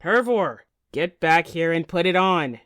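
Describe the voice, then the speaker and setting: A woman voicing a harsh male Viking ship's skipper who shouts orders at his crew in an audiobook. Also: fairly low pitch, expressive, unhurried, dry recording, studio quality. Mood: shouting.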